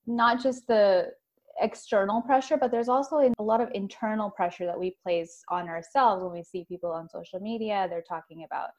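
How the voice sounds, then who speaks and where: A woman's voice: medium pitch, steady tone, normal speed, darkish tone. A woman hosting an interview, asking questions and sharing personal stories openly with casual fillers. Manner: open, personal storytelling with fillers. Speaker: podcast host. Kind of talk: conversational interview.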